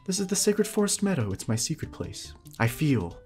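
A man voicing a gentle, friendly young girl of the forest, reading her lines sweetly and earnestly. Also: fairly high pitch, big pitch swings, normal speed, soft background music, voice pushed up.

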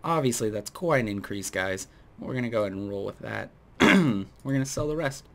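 A man giving casual gameplay commentary, going off on opinionated tangents and talking straight to viewers, with a dry mouth that keeps him clearing his throat. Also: lowish voice, lively intonation, fairly quick. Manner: rambling, opinionated tangents, addresses viewers directly. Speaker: gaming video host.

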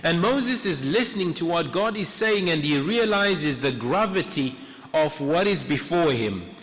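A man preaching a sermon in a church, retelling a story in an earnest, reflective way with pauses. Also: a little high, animated, a bit bright. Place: church sanctuary. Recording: echoey church hall.

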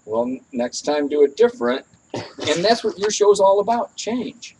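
A man's voice: high voice, big pitch swings, moderate pace, noisy background. A man chatting casually as a guest, mostly giving brief agreeable replies. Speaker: guest, neighbor. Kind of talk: casual chat.

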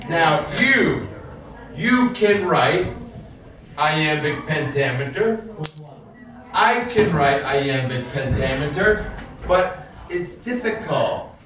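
Slow, patient teacher in echoey classroom. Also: male voice, on the high side, big pitch swings, a bit bright. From United States. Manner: patient, repeats key words slowly for learners. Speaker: English teacher. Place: school classroom full of students. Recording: echoey classroom, far from the mic.

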